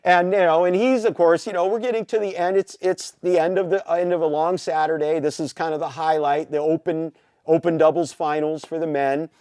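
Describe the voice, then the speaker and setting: A man from the Pacific Northwest, a podcast guest telling an animated story with many "you know" fillers. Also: on the high side, fairly quick, clear, resonant tone, no echo, studio quality. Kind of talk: casual storytelling.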